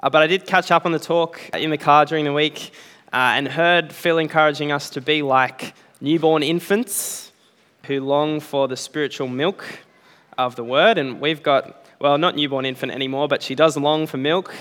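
A man's voice: on the high side, normal speed, a bit bright. Man preaching in an echoing hall. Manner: conversational, with frequent "uh" fillers. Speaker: pastor. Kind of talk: sermon. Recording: long reverb in a hall.

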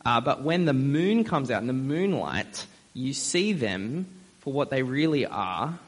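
Brief: young adult male preacher, relaxed conversational sermon delivery, mid pitch, lots of "uh" fillers. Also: measured pace. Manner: friendly, conversational, with frequent uh fillers.

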